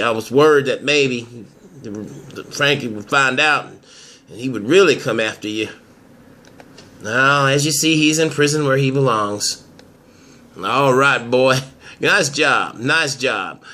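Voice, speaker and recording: A man voicing a scheming older father in an amateur soap drama, speaking low, gruff and slow. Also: sharp tone. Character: scheming older father, a crook, proud of his son.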